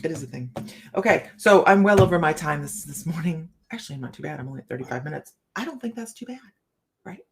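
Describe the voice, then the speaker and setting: Deep-voiced and expressive, this middle-aged woman talks fast. She hosts an informal livestream reading tarot cards, chatting with viewers by name and laughing regularly.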